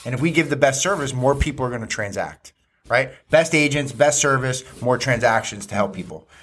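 A man's voice: medium pitch, lively intonation, brisk, a bit bright. A man hosting a casual interview chat, blunt and swearing freely, repeating his phrases for emphasis. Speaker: host.

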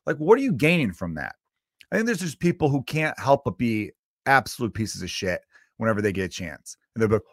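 A man's voice: medium pitch, sing-song, a little fast, dry recording, clean studio sound. A man hosting a solo podcast, ranting in a loose, profane, exasperated way with lots of fillers. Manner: loose, rambling with many fillers. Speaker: podcast host.

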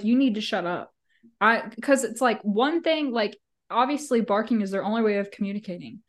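A woman co-hosting a podcast in casual chat, blunt and swearing freely, laughing often. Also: mid-range voice. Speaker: podcast co-host.

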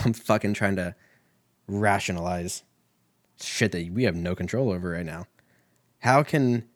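Man in his 30s, low voice, dry close sound, crude rambling solo podcast host, self-mocking. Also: dry recording. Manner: crude, profane, self-mocking, tangent-prone. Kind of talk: rambling casual monologue.

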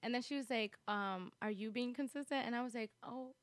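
A woman's voice: on the high side, a little fast, dry recording. A woman guest on a podcast, chatting casually, laughing often and filling her sentences with "like". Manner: chatty, giggly, lots of fillers like "like".

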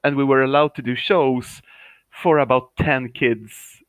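A man's voice: mid-range voice, fairly even intonation, measured pace, clean tone, no room sound, phone-quality sound. A man from Sweden, a professional clown who chats cheerfully and laughs often as a guest on a remote call.

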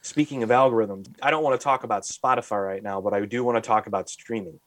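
A man hosting a podcast, ranting with animated exasperation and saying "like" constantly. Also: on the low side, quick pace, no echo. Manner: animated ranting, heavy use of "like"; exasperated, mocking. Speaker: podcast host. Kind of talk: casual podcast chat.

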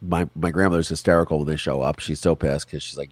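A man in his forties, an interview guest, telling a personal story in a casual, animated way, acting out other people's lines. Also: rumbling low, fast talker, hardly any pauses, dry recording. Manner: animated, quotes people in put-on voices, swears.

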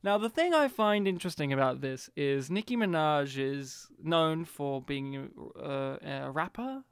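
A high-pitched man with a smooth, resonant voice co-hosts a podcast, talking casually about a film. He is animated and emphatic, leaning into jokes. The sound is dry and close. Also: a little slow, no echo. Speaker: podcast co-host. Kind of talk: casual chat reviewing a film.

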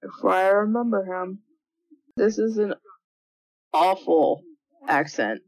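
Wry woman with a lively voice. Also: medium pitch, slow. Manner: wry, teasing, blunt remarks. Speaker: podcast co-host. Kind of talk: casual movie-watch commentary. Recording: dull lo-fi sound.

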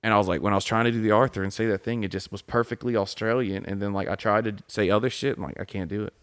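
Lower-pitched man chatting animatedly. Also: clean tone. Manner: animated, jumps between topics, does quick impressions. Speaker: podcast co-host. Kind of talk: casual chat.

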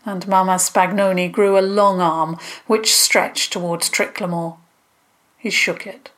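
A woman, a storyteller, narrating a scripted children's story calmly and clearly. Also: fairly low pitch, measured pace.

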